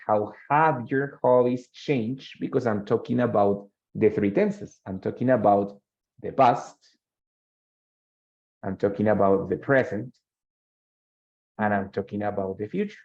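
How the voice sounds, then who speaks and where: Over dull, lo-fi call audio, a gravelly-voiced male English teacher in his 30s, a native Spanish speaker, leads an online class with Spanish explanations mixed in. He speaks at medium pitch, unhurried and a little mellow. He's patient, repeating phrases and checking in with "ready?".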